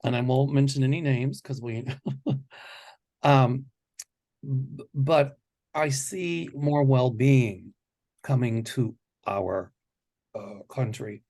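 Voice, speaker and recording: A man's voice: medium pitch, takes it slowly, long pauses, dark tone. Rambling confident male psychic host. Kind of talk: casual predictions chat.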